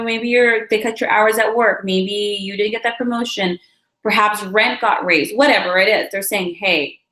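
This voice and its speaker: A woman giving a weekly tarot and astrology reading, chatty and reassuring, talking straight to her viewers. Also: mid-range voice. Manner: animated with quick asides and many fillers. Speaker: tarot reader. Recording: echoey room.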